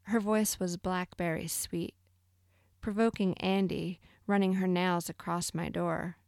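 A woman reading a literary short story aloud in a measured, brooding way. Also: on the low side, fairly even intonation, creaky, darkish tone, dry recording, studio quality. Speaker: narrator. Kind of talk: scripted literary narration.

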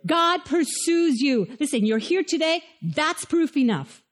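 A woman pastor preaching a sermon in a chapel, emphatic and preacherly, with quick asides to the congregation. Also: sits high, very animated. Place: church chapel.

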